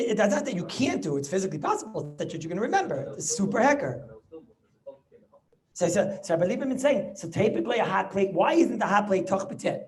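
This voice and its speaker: Animated rabbi teaching over video call. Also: male voice, high-pitched. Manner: animated, repeats words, rhetorical questions. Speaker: rabbi teaching a Talmud class. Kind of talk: lively Torah class over video call.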